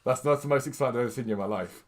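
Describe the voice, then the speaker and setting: A man's voice: mid-range voice, racing. A young man streaming a video game, talking casually and energetically to his viewers. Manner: energetic and chatty. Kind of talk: casual live-stream talk.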